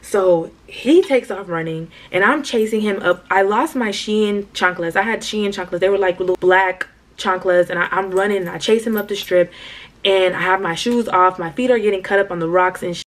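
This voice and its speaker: A woman's voice: mid-range voice, moderate pace. A young woman telling a slangy storytime to her viewers, talking straight to them. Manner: animated slangy storytelling, addresses viewers as y'all. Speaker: vlogger. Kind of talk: storytime vlog.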